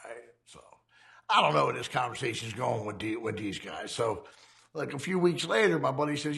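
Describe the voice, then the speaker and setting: A man's voice: medium pitch, expressive, normal speed, vocal fry, fairly bright tone. A man, telling a rambling, profane crime story in casual conversation and laughing as he goes. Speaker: ex-convict telling his story.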